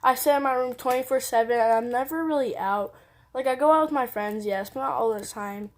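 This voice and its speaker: Teen girl vlogging, slightly high voice. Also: brisk. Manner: casual, rambling, says "like" constantly. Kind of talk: candid personal storytelling.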